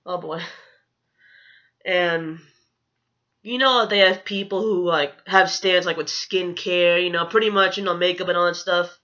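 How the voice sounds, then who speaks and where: A woman's voice: on the low side, fairly even intonation, measured pace, pauses often, sharp tone, lo-fi sound. A woman telling a storytime rant as a vlogger, rambling, profane and indignant, with lots of "you know" fillers.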